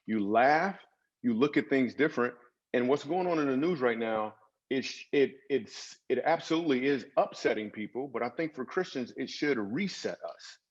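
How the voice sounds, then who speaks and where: A man's voice: medium pitch, animated, moderate pace, dull audio. A man guest on a podcast, a comedian and author, telling personal stories in an earnest, dramatic way with emphatic swings. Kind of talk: storytelling interview.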